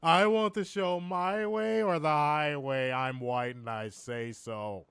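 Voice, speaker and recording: A man putting on a slow, drawn-out, sneering voice to play a stubborn, whiny grown man as a mocking caricature. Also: fairly high pitch, a bit bright, smooth, no room sound.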